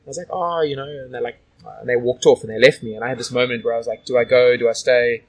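Husky guy from australia rambling through stories, lots of "like" and "you know". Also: medium pitch, rapid-fire, poor audio. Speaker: guest. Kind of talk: casual storytelling interview.

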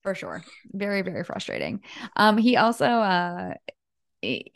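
A woman's voice: medium pitch, huge pitch swings, measured pace, creaky. A woman co-hosting a podcast in casual chat, talking with frequent laughs and fillers. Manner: chatty, laughs often, many fillers. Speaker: podcast co-host.

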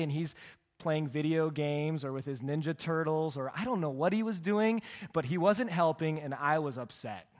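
A man preaching a sermon as a pastor, telling stories with humor and swinging between loud, emphatic lines and hushed ones. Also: a little high. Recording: long hall reverb.

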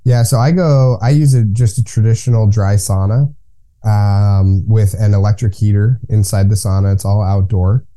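Calm, low, mellow-voiced man. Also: moderate pace. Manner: calm, instructive. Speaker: guest, cold plunge business owner. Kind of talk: conversational interview.

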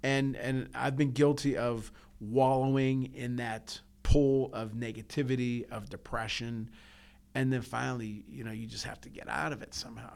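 A man's voice: mid-range voice, level tone, moderate pace, gravelly, a little mellow. A man co-hosting a podcast, telling personal stories in an earnest, emotional way, with frequent restarts and repeats. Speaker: podcast co-host. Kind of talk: casual heartfelt podcast talk.

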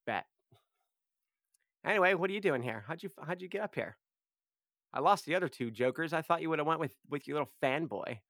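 A man in a tabletop game trades sarcastic, teasing banter with the other players. His pitch sits slightly high and moves around a lot. The sound is close and dry. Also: lively intonation, a little fast, long pauses, fairly bright tone, dry recording. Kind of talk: casual role-play banter.

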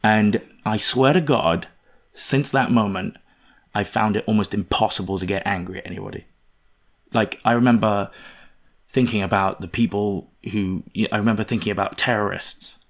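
A man in casual conversation, telling a personal story in an animated, self-deprecating way. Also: fairly low pitch, normal speed, vocal fry.

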